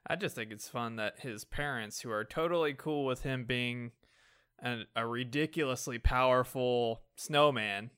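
Wry co-host, smooth clear voice, easy banter. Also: male voice, mid-range voice, measured pace, fairly bright tone. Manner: wry, joking, laughs through lines. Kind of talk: casual chat about comics.

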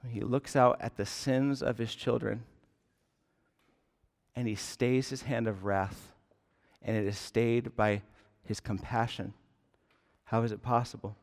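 A man in his thirties preaching a sermon as pastor, earnest and deliberate, with emphatic rises on key words. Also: mid-range voice. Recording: long hall reverb.

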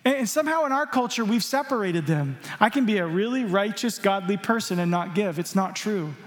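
Male pastor, high voice, emphatic exhorting sermon, long hall reverb. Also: expressive, brisk.

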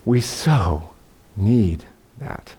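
A man's voice: on the low side, extremely slow, breathy edge. A man preaching a sermon, telling a story with animation and acting out voices of the people in it. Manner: animated storytelling, acts out voices of God and Abraham, laughs. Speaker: pastor.

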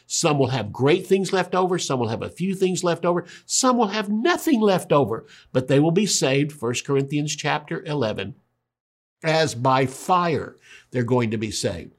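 A man teaching a sermon, retelling scripture in a conversational way with emphatic asides. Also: mid-range voice. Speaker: Bible teacher.

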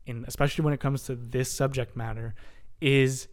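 Rich: A man in a casual film podcast chat, speaking at a middle pitch. He argues his points with passion and emphasis, often pressing on while his co-host is still talking. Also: fairly even intonation, moderate pace. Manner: passionate, emphatic, talks over others.

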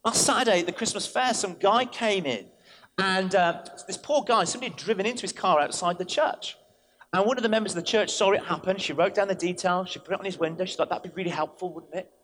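Animated vicar preaching a sermon. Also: male voice, high-pitched, fast talker, slight background noise. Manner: animated storytelling, acts out quoted voices. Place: church.

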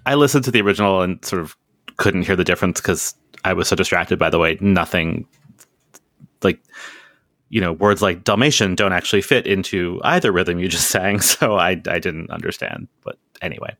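A man's voice: sits low, normal speed, a bit bright, no echo, studio quality. A man co-hosting a podcast in casual chat, giving blunt, emphatic opinions. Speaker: podcast co-host.

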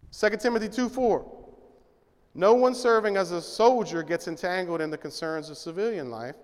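A man with a high-pitched voice preaches in a conversational, emphatic way, firing rhetorical questions at the room. His voice rings out with a long reverb from the church sanctuary around him. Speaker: pastor. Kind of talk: sermon. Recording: reverberant hall.

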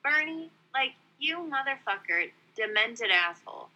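A woman's voice: sits high, very animated, a little slow, pushed and bright, low-quality recording. A woman from New York in casual chat, blunt, profane and exasperated.

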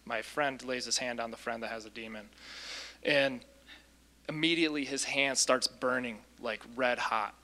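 A man casually recounting a deliverance story as a Christian minister, lively, with frequent ums and restarts. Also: mid-range voice, normal speed.

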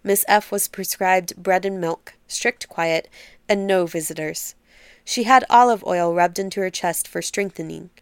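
A woman reads a dark literary story aloud, measured and steady. The recording is close and dry, with no room sound around her. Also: fairly low pitch, smooth, no room sound. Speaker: narrator. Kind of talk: literary audiobook narration.

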